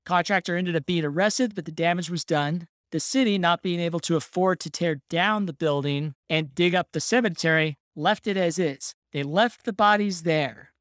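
Laughing as the story unfolds, a podcast host tells it in easygoing, casual conversation. The middle-pitched voice moves at a moderate pace with few pauses, captured close and dry without any echo.

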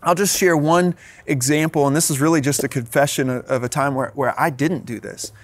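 A man's voice: on the high side, brisk, dry recording. A man in his thirties, a pastor giving a sermon in an earnest way, often repeating words as he restarts.

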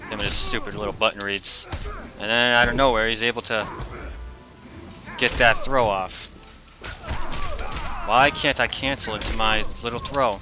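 A man's voice: fairly low pitch, fairly even intonation, normal speed, long pauses, music in the background. A young man giving casual commentary while playing a fighting game, trash-talking the opponent and grumbling in frustration.

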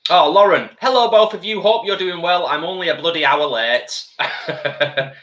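A man's voice: fairly high pitch, normal speed, fairly bright tone, roomy sound, muffled recording. A man co-hosting a live vegan cooking stream, chatting casually from a home kitchen and reading out viewer comments.

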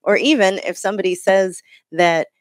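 A woman, a senior correspondent, explaining clearly with light laughs. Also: medium pitch, normal speed, no room sound, studio quality. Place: Washington, D.C. area studio. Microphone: studio microphone.

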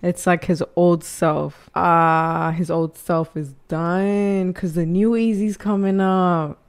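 Low-voiced woman chatting through a reaction. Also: slow pace, clean tone. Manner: chatty and expressive, casual swearing. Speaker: reaction video host. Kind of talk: casual reaction commentary.

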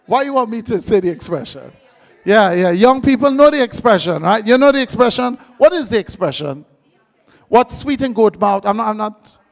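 A man's voice: high-pitched, expressive, brisk, gravelly. A man preaching a live sermon, joking and quizzing his congregation. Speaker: pastor.

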